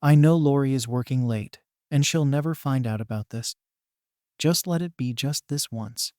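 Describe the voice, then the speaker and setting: A man's voice: medium pitch, moderate pace, darkish tone, smooth, dry recording, studio quality, lightly acted. A man reading as a coaxing seductive woman. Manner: murmured, coaxing. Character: adult woman, a wife's friend, seductive.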